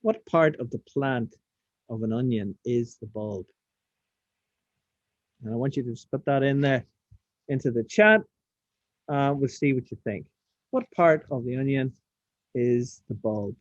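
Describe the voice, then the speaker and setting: A man's voice: medium pitch, lively intonation, a little slow, long pauses, no room sound. A man teaching a science practical over a video call, casual, asking the class questions as he demonstrates. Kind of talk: online science lesson. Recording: dull lo-fi sound, dry.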